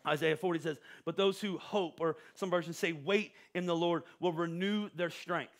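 A middle-aged man preaching a joking, animated sermon as pastor, often stammering and restarting his words. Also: a little high, moderate pace. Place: church auditorium.

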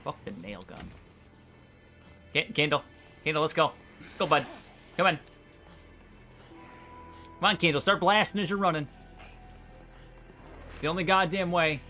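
A man's voice: a little high, unhurried, long pauses, sharp tone, faint music behind. A man casually commenting on his gameplay, often frustrated and swearing at the game and its characters. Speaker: gameplay streamer.

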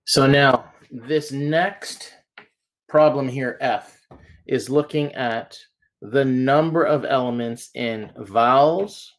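A man's voice: medium pitch, slow pace. A man teaching a math lesson, walking through each step patiently and checking in with "okay?" and "right?" as he goes. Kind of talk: classroom lesson walkthrough.

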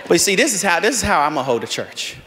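A man preaching an energetic sermon as a pastor, shouting at peaks, then dropping to a quiet, conversational tone. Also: sits high, rapid-fire, a faint crowd, a little hiss or hum. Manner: animated, shouts and laughs, swings from loud to quiet. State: out of breath. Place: large church hall. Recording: long hall reverb, faint room ambience.

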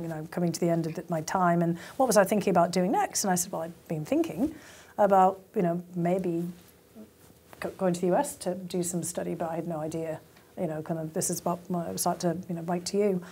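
A woman in her fifties from England, telling animated stories as an interview guest, laughing often and using many fillers. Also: medium pitch, breathy edge. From County Durham, northern England. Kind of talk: conversational interview storytelling.

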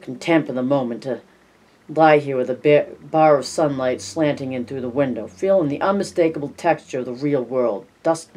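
An audiobook narrator reading a horror novel in a measured way, dropping softer for tense passages. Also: medium pitch. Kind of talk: scripted narration.

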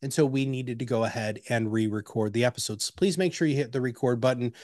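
A man presenting an instructional webinar, energetic and chatty, with personal anecdotes and emphatic repeated pleas. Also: medium pitch, fast, no echo, studio quality.

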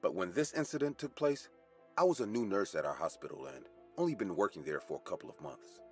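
Low-pitched man narrating a horror tale. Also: animated, fairly quick, soft background music. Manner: dramatic, first-person storytelling.

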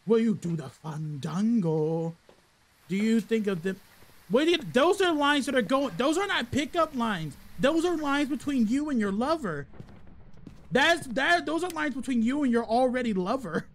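A man's voice: extremely high pitch, very animated, normal speed. A man live-streaming a game, chatting casually and joking while he plays. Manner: chatty and joking, breaks into song. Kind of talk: casual live gameplay chat.

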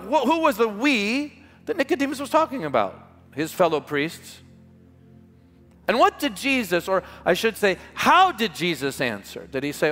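A man preaching a revival sermon as pastor, impassioned and emphatic, stretching key words slowly for weight, recorded live in a large church. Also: sits high, very animated, sharp tone, faint music behind. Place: large church hall with music behind. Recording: live church hall reverb.

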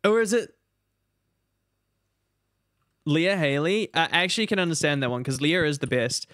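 A man streaming a game, rambling in animated casual commentary and talking to his chat. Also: a little high, normal speed, no echo, studio quality.

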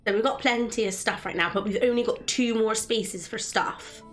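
Woman gaming and chatting, bit high voice, light game music. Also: normal speed, a bit bright. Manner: chatty, reads in-game text aloud. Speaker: let's play host. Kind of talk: casual gaming commentary.

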